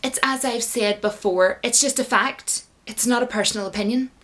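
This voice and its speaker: A woman's voice: on the high side, moderate pace, fairly bright tone, natural voice. A woman mimicking a smug, arrogant actress, in a mocking and self-satisfied tone.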